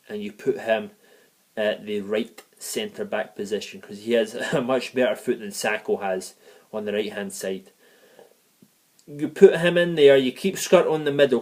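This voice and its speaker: A man's voice: mid-range voice, darkish tone. Man ranting heatedly in a fan vlog. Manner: heated, profane, digressive rant. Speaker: football fan video reviewer. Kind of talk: ranting match review vlog. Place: living in the United States.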